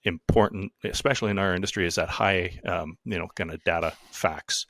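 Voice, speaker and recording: A man with a very low voice co-hosts a business podcast, recorded close and dry on a studio mic. He talks things through with plenty of fillers and steers the conversation, slipping in dry teasing remarks. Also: brisk, fairly bright tone, no echo. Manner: thinks aloud with fillers. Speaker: podcast co-host. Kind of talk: casual business chat.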